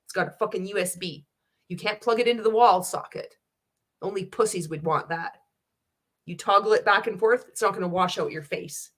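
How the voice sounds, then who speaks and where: A woman's voice: medium pitch, normal speed, a bit bright, natural voice. A woman mocking a blustering, boastful male boss.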